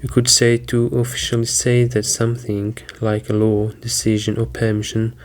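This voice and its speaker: A man teaching vocabulary, deliberately repeating each word and spelling out its syllables and stress. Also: mid-range voice, completely flat delivery. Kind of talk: slow, careful vocabulary lesson.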